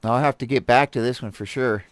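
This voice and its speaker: A man hosting a stream and reading articles aloud, rambling and animated, with many fillers, restarts and laughs. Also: mid-range voice, a little fast, clean tone, no room sound, clean studio sound. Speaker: host reviewing articles. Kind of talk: casual commentary on a live stream. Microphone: desk mic with a stream deck.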